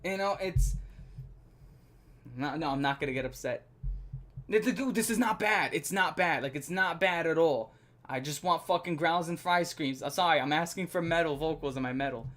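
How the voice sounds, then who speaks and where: A man's voice: on the high side, moderate pace. Profane, ranting streamer man. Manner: profane, excitable ranting with bursts of laughter. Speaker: streamer reacting to an album. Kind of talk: live music reaction stream.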